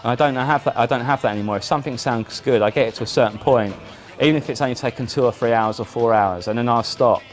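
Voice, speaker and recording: A man, a musician guest in a casual chat, telling animated stories with frequent restarts. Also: mid-range voice, fast talker, few pauses. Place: indoor chat.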